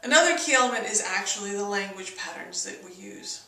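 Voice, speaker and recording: A woman's voice: medium pitch, expressive, brisk, sharp tone, echoey room, far from the mic, low-quality recording. A woman teaching persuasion in an instructional video, stopping often to act out the tone of example sentences. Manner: demonstrates tone shifts in example sentences.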